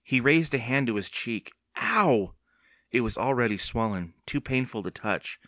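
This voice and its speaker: A man narrating a children's horror book as an audiobook reader, steady and expressive. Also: mid-range voice, moderate pace, dry recording, clean studio sound. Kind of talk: scripted storybook narration.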